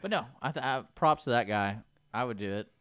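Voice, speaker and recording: A man's voice: mid-range voice, animated, brisk, a bit bright, smooth, no echo, faint music behind. A man co-hosting a podcast in casual chat, giving easygoing short replies. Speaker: podcast co-host.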